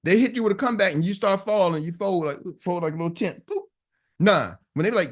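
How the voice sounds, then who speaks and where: A man with a high voice speaks as a business coach to a live audience online. His pitch leaps around animatedly as he preaches, and he drives each point home by repeating it. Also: animated, fast talker. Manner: emphatic, preachy, repeats punchlines.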